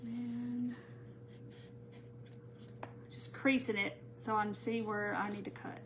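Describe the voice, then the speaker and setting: A woman's voice: on the high side, level tone, slow pace, noisy background. A woman hosting a live crafting tutorial, chatting casually and greeting viewers by name as she works. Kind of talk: live-stream crafting chat.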